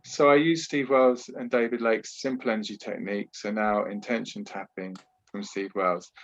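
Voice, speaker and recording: Male therapist guest, somewhat low voice, earnest and explanatory, muffled call audio. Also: fairly even intonation, normal speed. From Britain. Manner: earnest, explanatory, frequent "you know" and restarts. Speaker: trauma therapist, podcast guest. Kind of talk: podcast interview over a video call. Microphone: video call.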